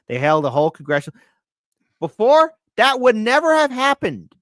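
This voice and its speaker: Animated man, lively acted-out asides. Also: extremely high pitch, moderate pace, no room sound, studio quality. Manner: animated, acts out quoted voices, many restarts. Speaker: guest co-host. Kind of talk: casual podcast political chat.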